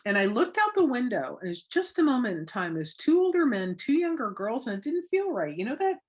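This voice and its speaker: A woman from Florida, a guest on a talk show, telling her story in a lively way and acting out the voices of the people she quotes. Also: fairly high pitch, a little fast. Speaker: guest, anti-trafficking educator. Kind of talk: casual interview talk.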